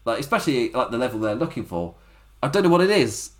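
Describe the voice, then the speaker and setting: A man's voice: mid-range voice, big pitch swings, fast. A man giving a chatty, rambling spoken recap of a wrestling show, laughing often and acting out quotes.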